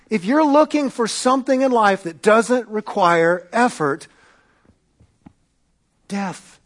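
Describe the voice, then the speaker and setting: A man preaching a sermon as pastor, swinging from loud emphatic peaks to quiet asides, with frequent restarts. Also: sits high, slow, pauses often. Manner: retells stories with quoted voices, self-correcting restarts.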